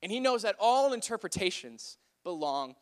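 A young man with a fairly high voice retells a Bible story as casual chat. He keeps it playful and conversational and fills it with "like" and "right?". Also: very animated, normal speed, smooth. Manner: chatty, playful, often says "like".

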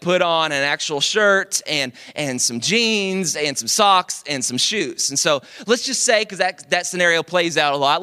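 A young man preaching a sermon into a microphone at a church service, talking in a casual, animated way and often asking "right?". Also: a little high, clean tone. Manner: conversational, animated, with frequent "like" and "right?". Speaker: pastor. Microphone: speaking into a microphone.

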